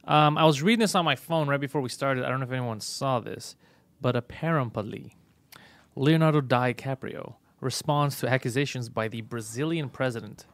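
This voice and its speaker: A man hosts a comedy live stream in a joking, emphatic way, reading viewer names and riffing on the news. His voice is mid-pitched and sits dry and close, with no room sound. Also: normal speed, no room sound. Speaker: host.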